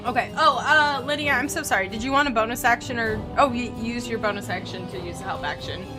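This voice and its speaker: A woman running a tabletop game as game master, describing the action vividly between quick rules checks. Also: on the high side, over music.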